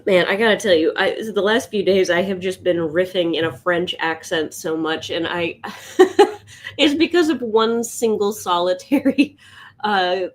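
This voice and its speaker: A woman's voice: lowish voice, measured pace. A woman chatting casually and rambling while she sketches on a live stream. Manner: rambling, chatty, laughs often. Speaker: art streamer.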